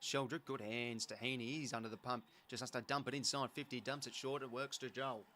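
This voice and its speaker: A man with an Australian accent hosting a live football watch-along, calling the play in an excitable, chatty way. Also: mid-range voice, brisk, a little hiss or hum. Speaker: host.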